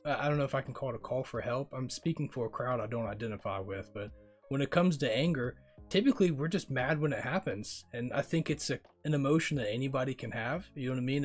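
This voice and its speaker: A young man streaming live, chatting casually and rambling as he reads and answers viewer comments. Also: mid-range voice. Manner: rambling, talks straight to chat, says bro often.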